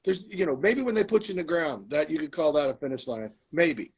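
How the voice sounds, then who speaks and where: Guest spot: middle-aged man, husky, slightly higher voice, lively storyteller who acts out scenes. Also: a little fast, low-quality recording. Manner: animated storyteller, acts out arguing with himself. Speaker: guest, comedian and actor. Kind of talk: storytelling in a podcast interview.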